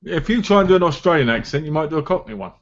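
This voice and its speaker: A man's voice: on the high side, expressive, very fast, dull audio. A man hosting a casual online chat, teasing and coaxing the others to have a go. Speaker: show host.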